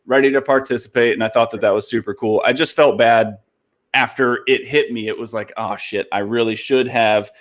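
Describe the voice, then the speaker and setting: A man's voice: mid-range voice, fairly quick. Guy hosting a chill gaming talk show, tells stories and gets all worked up. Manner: animated storyteller, voice jumps up when excited. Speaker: podcast host. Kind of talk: casual chat.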